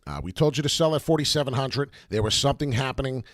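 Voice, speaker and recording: A man hosting excited crypto chart commentary, repeating himself and dropping rhyming asides. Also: medium pitch, fast talker, no room sound, clean studio sound. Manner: animated, repetitive, rhyming asides. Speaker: crypto chart analyst host.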